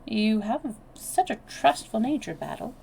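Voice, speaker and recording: A woman's voice: fairly high pitch, very animated, unhurried, gravelly, darkish tone, slight background noise, full character voice. Woman voicing a wry, teasing young man. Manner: teasing, ironic.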